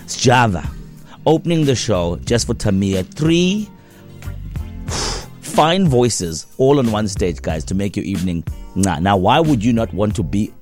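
A man co-hosting a breakfast radio show, chatting casually with animated, slangy banter. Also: measured pace, faint music behind. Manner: animated, slangy, pitch jumping up for emphasis.

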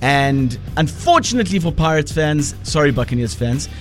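A man presenting a sports wrap on a radio show, explaining results in a relaxed, chatty way. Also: on the high side, moderate pace, soft background music. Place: radio studio.

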